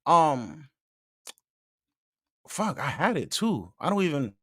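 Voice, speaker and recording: Animated, worked-up man with lively pitch. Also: takes it slowly, slightly rough, no room sound, studio quality. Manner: animated, slangy, restarts and fillers. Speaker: podcast host. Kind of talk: casual commentary.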